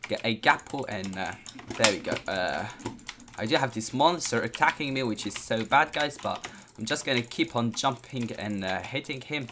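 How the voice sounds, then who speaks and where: A man giving excitable let's-play commentary on a video game, constantly exclaiming and talking to his viewers. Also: mid-range voice, noisy background. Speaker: gameplay commentator.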